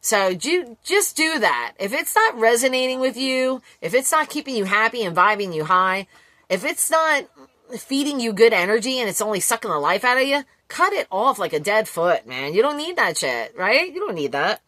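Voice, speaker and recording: Woman, tarot reader, blunt, swears freely, crisp bright voice, dry close sound. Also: fairly high pitch, sing-song, normal speed, no room sound. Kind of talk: casual collective tarot reading.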